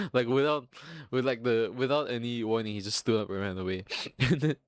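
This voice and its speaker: A young man rambles through a crude story for his podcast, swearing freely and breaking into laughter. His voice sits at a medium pitch. It is recorded dry and close with no room sound. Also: moderate pace, clean tone, no room sound. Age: young adult. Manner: laughing often, profane, rambling with restarts. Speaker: podcast host. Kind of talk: casual storytelling monologue.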